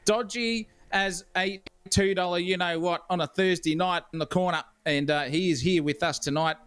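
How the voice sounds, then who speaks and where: Australian man, sim racing commentary, chatty, joking, somewhat high pitch. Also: steady tone, moderate pace, a bit bright, clear, resonant tone. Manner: rambling, jokey, chatty. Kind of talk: live esports commentary.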